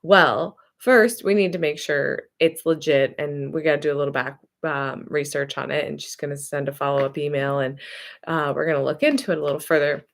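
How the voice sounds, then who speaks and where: A woman's voice: sits low, fairly even intonation, a little fast, vocal fry. A woman therapist telling a personal story in a casual, chatty way, rambling and correcting herself as she goes. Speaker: therapist and hypnotherapist.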